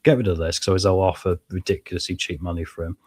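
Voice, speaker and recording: An excitable man, chatting casually to viewers as he plays a football management game, his voice a little strained from shouting. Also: low-pitched, fast, slightly rough. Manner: excitable, chatty, addresses viewers as mates and guys. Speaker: gaming YouTuber playing a football management game. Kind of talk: casual gameplay commentary.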